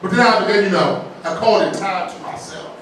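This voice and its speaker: High-voiced preacher in an echoey church. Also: male voice, quick pace, a bit bright. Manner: folksy preaching with jokes, asks "right?" often. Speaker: pastor. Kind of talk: sermon. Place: large church sanctuary. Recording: very echoey church, distant mic, faint noise.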